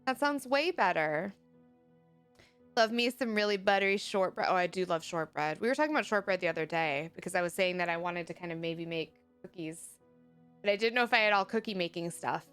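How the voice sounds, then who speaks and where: Smooth-voiced chatty woman streamer. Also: fairly low pitch, expressive, fairly quick, fairly bright tone. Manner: chatty, reads chat messages aloud, laughs often. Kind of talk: casual live-stream chat. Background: faint music.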